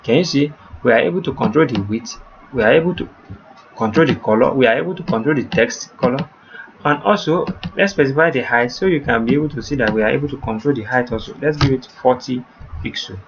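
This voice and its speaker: Male coding tutor, patient and repetitive, mid-pitched voice, slightly muffled lo-fi recording with faint background noise. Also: fast talker. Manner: repetitive step-by-step explaining, addresses viewers as you guys.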